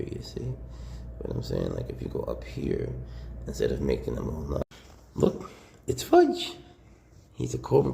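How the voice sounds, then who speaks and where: A man who keeps snakes, chatting casually to camera and cooing baby talk to a snake, often dropping into a whisper, then giving relaxed handling advice. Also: extremely low pitch, vocal fry, reverberant, slight background noise. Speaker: snake keeper.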